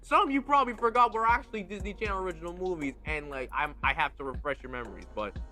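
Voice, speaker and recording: A man hosting a podcast in a casual solo chat, talking with slang and emphasis, dropping to low asides and rising to excited highs. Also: fast talker, faint music behind. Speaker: podcast host.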